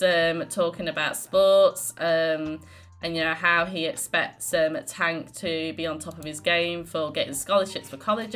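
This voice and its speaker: A woman's voice: on the low side, fairly bright tone. A young woman giving casual, giggly gameplay commentary as a let's play host. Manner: chatty, giggly, lots of fillers. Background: faint game music.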